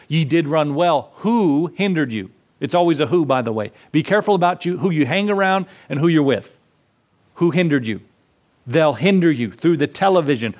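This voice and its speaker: A man preaching a sermon, driving points home with repeated phrases and emphatic rises. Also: a little high. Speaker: pastor.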